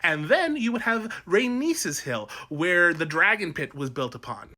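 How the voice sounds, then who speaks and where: Brief: man voicing a rambling tour guide, mock Midwestern-Scottish accent, high and bright, swoops all over, comedic sketch. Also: sing-song, measured pace, heavily acted. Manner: rambling, bubbly asides, nervous laughs. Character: chatty male city tour guide, cheerfully unhinged. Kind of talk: comedic character monologue.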